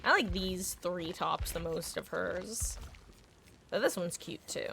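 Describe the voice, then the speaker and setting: A woman's voice: mid-range voice, fairly bright tone, a little hiss or hum. A woman streaming a video game, chatting casually in a goofy, rambling way, sometimes talking while she eats, with stuffy allergies. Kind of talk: casual gaming stream chat.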